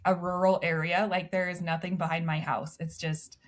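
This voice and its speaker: A woman's voice: fairly low pitch, little pitch movement, moderate pace. A woman in her thirties, a podcast guest, telling stories in casual chat and laughing often. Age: 30s. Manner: chatty storyteller, laughs often.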